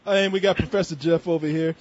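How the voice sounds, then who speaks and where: A man's voice: a little high, steady tone, fast. A man hosting a gaming call-in show who chats casually, jokes, and often stammers and restarts. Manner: loose, joking, stammers and restarts. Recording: slightly muffled lo-fi audio.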